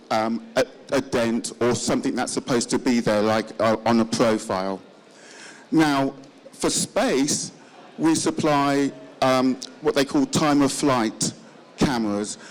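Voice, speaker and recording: A man with a Yorkshire accent pitches his company to a room. He talks in a halting way, with fillers and repeated words. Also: poor audio. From northern England. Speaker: company representative presenting. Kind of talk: event pitch talk.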